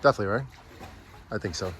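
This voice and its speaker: A man vlogging as a father while unboxing a prop with his kids, chatty and teasing, easily excited. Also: fairly low pitch, racing, slight background noise. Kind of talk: casual chat.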